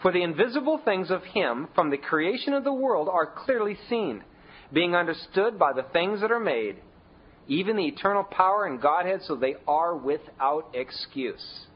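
A man preaching a sermon in a conversational way, leaning hard on key words with big shifts in pitch and volume. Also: expressive, moderate pace, slightly rough, lo-fi sound. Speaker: pastor.

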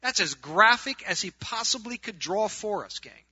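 A man preaching a sermon to a group, swinging from loud, urgent appeals to hushed, quiet stretches. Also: sits high, expressive, normal speed, breathy edge, no room sound, dull audio.

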